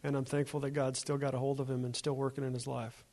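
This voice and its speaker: A man's voice: mid-range voice, level tone, quick pace, a little mellow. A man preaching a sermon as a pastor, in a conversational storytelling way with repeated phrases.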